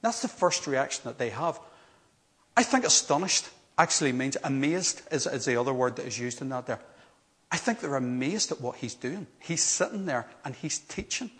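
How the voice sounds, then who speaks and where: A man's voice: mid-range voice, moderate pace. Earnest male preacher. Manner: earnest, animated storytelling with emphatic repetition. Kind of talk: sermon.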